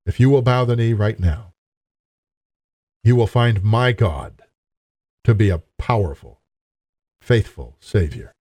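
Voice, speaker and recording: A man's voice: on the low side, a little slow, long pauses, a little mellow, no echo. A man preaching a sermon in an earnest, emphatic way, appealing directly to his listeners.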